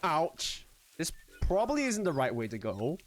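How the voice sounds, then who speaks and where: A high-pitched man streams a game live, his voice leaping up and down as he chatters to his viewers. He talks excitably and swears without a second thought. A faint hiss of noise sits under his voice. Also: normal speed. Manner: animated, excitable, swears freely, talks to chat. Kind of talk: casual live-stream chatter while gaming.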